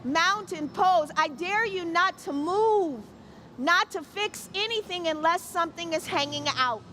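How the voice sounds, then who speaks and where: A woman's voice: very high-pitched, expressive, unhurried, bright, forceful tone, a little hiss or hum. A middle-aged woman teaching an outdoor yoga class, giving playful, encouraging cues and jokes. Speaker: yoga instructor. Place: outdoor city square event.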